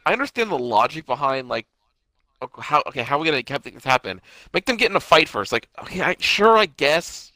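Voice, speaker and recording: Man, laid-back co-host, bright voice, short asides, dry sound. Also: fairly high pitch, big pitch swings, fairly quick, dry recording. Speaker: podcast co-host. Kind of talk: casual chat reviewing a TV show.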